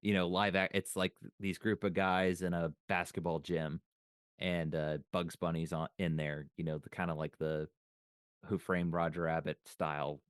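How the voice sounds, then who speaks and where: A man with a very low voice co-hosts a podcast in a loose, casual chat. He rambles through memories, doubling back on his words. The sound is dry and close. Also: level tone, moderate pace, clean tone, dry recording. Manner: rambling, recalls things aloud with restarts. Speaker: podcast co-host.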